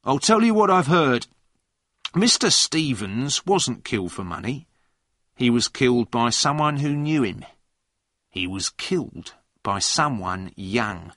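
A greedy, shifty informer makes demands with a threat underneath, as a male storyteller voices him. His pitch moves a lot from phrase to phrase. The recording is dry and close. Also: big pitch swings, unhurried, a bit bright, no echo. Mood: demanding.

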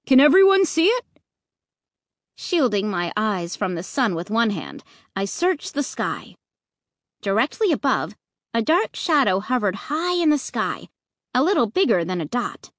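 A woman's voice: medium pitch, very animated, unhurried, a bit bright, no room sound, clean studio sound. A woman narrating a children's spooky storybook in the first person, expressively. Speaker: audiobook narrator.

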